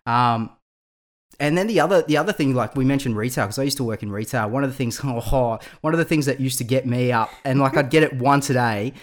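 Chatty Australian bloke, laughing stories. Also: male voice, medium pitch, brisk. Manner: chatty and animated, laughs at his own stories. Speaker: podcast panelist. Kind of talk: casual roundtable chat.

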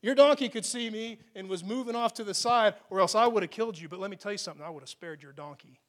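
A man voicing a stern male angel who warns a prophet in a firm, measured tone. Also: sits high, a bit bright. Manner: stern, warning.

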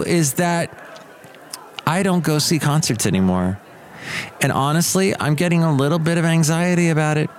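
A man hosting his own podcast, talking in a rambling, wry and self-deprecating way, now and then slipping into quick silly voices. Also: medium pitch. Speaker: podcast host. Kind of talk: rambling solo podcast monologue. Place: Bay Area.

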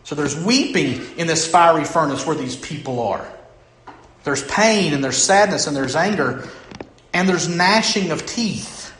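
A middle-aged male pastor preaching a sermon, who keeps asking the congregation questions and moves between loud emphasis and hushed lines. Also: a little high, animated, measured pace, a little hiss or hum. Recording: echoey room.

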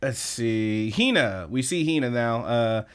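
A man co-hosting a podcast, telling an anime plot in an animated, casual way and swearing freely. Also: medium pitch, a little slow, smooth. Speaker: podcast co-host. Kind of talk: casual anime recap chat.

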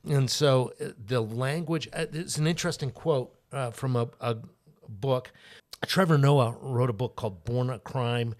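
Male co-host, casual and thoughtful, halting speech with wry humor. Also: medium pitch, darkish tone. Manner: thoughtful, halting, lots of fillers and wry asides. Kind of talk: casual podcast chat.

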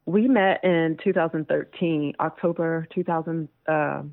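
A woman in her thirties with a deep, steady voice speaks a little slowly, with no room sound. As a guest in a casual interview, she tells stories chattily and laughs often, heard over a tinny, phone-like dry line.

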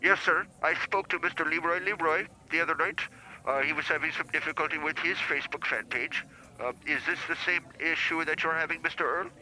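A man playing a sarcastic male tech support agent in a prank call sketch, mock-polite and deadpan. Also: on the high side, brisk, lightly acted, poor audio.

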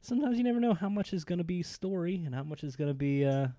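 A man co-hosting a casual podcast, talking about wrestling with rambling enthusiasm. His voice is mellow and dark. The sound is dry and close. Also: high voice, fast talker, no room sound. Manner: enthusiastic, rambling, animated when excited. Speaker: podcast co-host.

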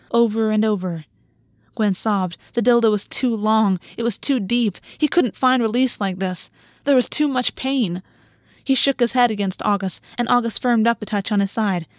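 A woman reads a story aloud in a steady, measured voice. Her pitch sits in a middle register. The recording is dry and close, with no room echo. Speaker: audiobook narrator. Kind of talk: scripted story narration.

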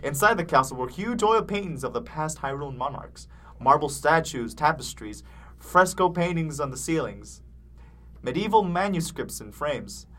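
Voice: mid-range voice, expressive, normal speed, fairly bright tone. A reader casually reading a fan story aloud, playful and stumbling now and then.

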